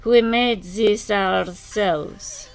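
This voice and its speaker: A woman voicing a jovial middle-aged man with a Slavic accent, slow and beaming. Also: medium pitch, animated, creaky, faint music behind, exaggerated voice. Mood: cheerful. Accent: Slavic, put on.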